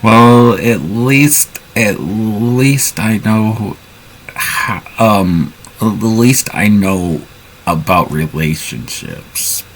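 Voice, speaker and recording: Deep-voiced guy doing casual role-play, slow, keeps restarting his sentences. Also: lively intonation, gravelly, fairly bright tone, low-quality recording. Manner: hesitant, many restarts and fillers.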